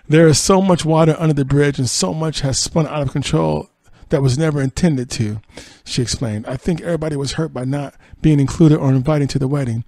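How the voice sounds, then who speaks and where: A man's voice: mid-range voice, fairly quick, a little mellow, no echo. A man hosting a podcast, reading entertainment news aloud and adding dry, sarcastic asides. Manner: reads quotes then adds dry sarcastic asides and laughs. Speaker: podcast host.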